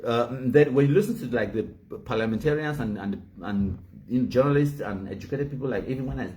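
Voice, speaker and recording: A man's voice: medium pitch, a little fast, a little mellow. Boastful Cameroonian man, mocking banter. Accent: Cameroonian Pidgin English. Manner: boastful, mocking, laughs at own jokes. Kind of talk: casual banter.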